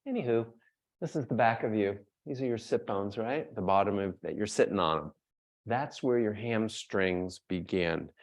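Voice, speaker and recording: A man who is a yoga teacher, explaining hamstring anatomy to a class and then slowly guiding them through a strap stretch. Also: lowish voice. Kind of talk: yoga workshop instruction.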